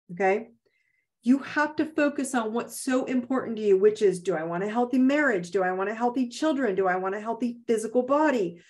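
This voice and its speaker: A woman hosting a live online self-help session, talking bluntly and emphatically and repeating her key phrases. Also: a little high. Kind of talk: live motivational coaching talk. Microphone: video call.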